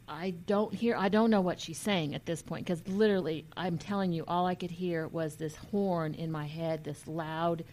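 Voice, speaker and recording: A woman earnestly telling a personal story in a halting way, with many restarts, and at times emotional and near tears. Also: lowish voice, darkish tone, slight background noise. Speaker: vlogger.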